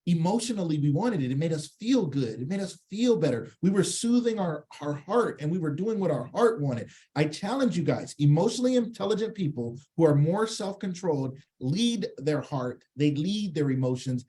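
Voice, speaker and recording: A man leads a live online workshop through his computer mic, his voice sitting a little higher than most men's. He talks in a lively, jokey way, slips into quick acted-out scenes with shifting voices, and keeps throwing questions to his listeners. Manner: engages the chat audience with questions. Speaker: workshop presenter. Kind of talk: live online training talk.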